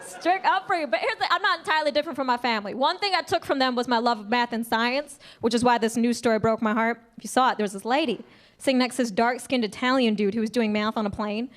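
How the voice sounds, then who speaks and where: Quick-paced and on the high side, a young woman's voice drives a brash, punchy stand-up set delivered into a handheld mic at a club. She does acted voices, and audience laughter fills the background.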